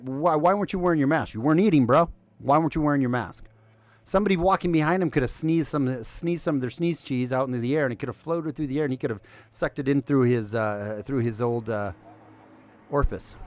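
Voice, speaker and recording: A man hosting a casual news commentary stream, sarcastic and animated, swinging between loud remarks and muttered asides. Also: mid-range voice. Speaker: host.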